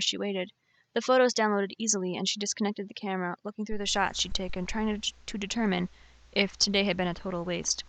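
A woman narrating a novel in an audiobook, reading in a measured, expressive way on a close mic. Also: medium pitch.

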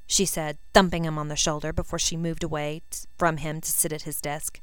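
Low, smooth woman reading a story. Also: no room sound. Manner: even, unhurried storytelling with quoted dialogue. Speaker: reader. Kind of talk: fan fiction audiobook reading.

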